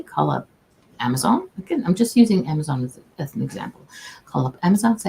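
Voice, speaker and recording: Chatty low gravelly-voiced woman. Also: big pitch swings, quick pace, a little hiss or hum, low-quality recording. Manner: chatty, folksy, warm-hearted, restarts sentences often. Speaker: customer service agent. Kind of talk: casual livestream advice talk. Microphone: own camera, streaming.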